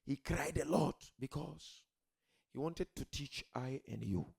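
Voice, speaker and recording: Rhetorical questions and repeated key words fill this man's sermon to a gathering, which swings from soft pleading to shouted emphasis. He speaks unhurriedly in a fairly high, gravelly, husky voice.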